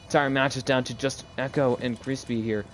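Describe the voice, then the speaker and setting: A man's voice: medium pitch, fairly even intonation, a little fast, slight background noise. A man giving live play-by-play commentary on an esports match, talking casually and rambling, chatting with viewers between plays. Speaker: solo esports caster.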